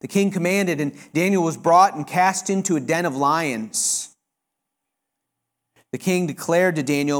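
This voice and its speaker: A male pastor reads a scripture passage during a sermon, delivering it expressively and with emphasis. He frequently pauses to explain the text in his own words. His voice is slightly higher than most men's, and his pace is a little slow.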